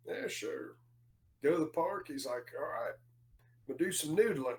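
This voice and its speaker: A man's voice: a little high, lively intonation, moderate pace, slight background noise. A man telling stories in casual podcast chat, rambling with many fillers and restarts.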